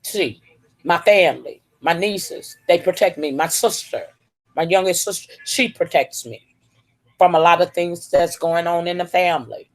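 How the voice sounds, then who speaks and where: A woman's voice: on the low side, normal speed. A middle-aged woman, giving an emphatic, preachy testimony on a live stream. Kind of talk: encouraging testimony.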